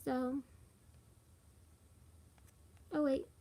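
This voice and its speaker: Tired high-voiced young woman streaming live. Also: little pitch movement, measured pace, dark tone. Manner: rambling, with frequent fillers and laughs. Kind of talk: casual live stream chat.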